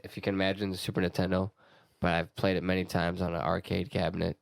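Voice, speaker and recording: A podcast co-host with a low, gravelly voice, walking through a game in casual chat. He leans on fillers and tosses in crude jokes. The room sound is dry. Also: flat delivery, fast, no room sound.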